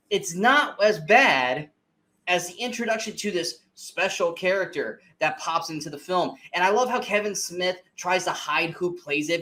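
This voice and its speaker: A man co-hosting a movie review podcast, ranting in an animated, exasperated way with plenty of swearing. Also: high-pitched. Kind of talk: casual movie review chat.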